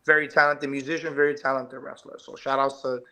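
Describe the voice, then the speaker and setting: Bright-voiced man cutting a wrestling promo. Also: medium pitch, brisk. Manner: hype promo delivery, lively and emphatic. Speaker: wrestler guest. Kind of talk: podcast interview. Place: live online show.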